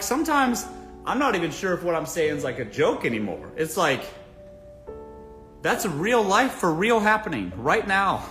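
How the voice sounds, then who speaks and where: A man's voice: high voice, fairly bright tone. A man reacting to clips in casual commentary, incredulous and mocking, laughing between remarks.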